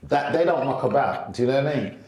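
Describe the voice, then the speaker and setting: Lively comedian telling stories. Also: male voice, quick pace, reverberant, a loud crowd. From England. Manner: animated, lively storyteller who jumps up in pitch for quotes. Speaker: stand-up comedian, guest. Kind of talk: casual storytelling interview.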